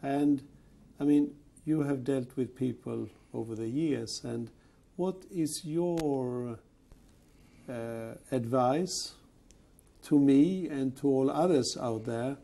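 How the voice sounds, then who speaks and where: A man interviewing a colleague, often pausing to rephrase with "I mean". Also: medium pitch, gravelly, dark tone. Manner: searching phrasing, frequent "I mean". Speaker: interviewer, retail executive. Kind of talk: conversational interview.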